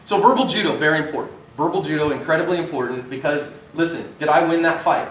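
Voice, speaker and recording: Here the self-defense instructor, a man in his forties, sounds somewhat high and a bit bright, moving along quickly as he talks to his live group in a relaxed, anecdotal style. Echo from the church meeting room, a distant mic, and faint noise color the audio.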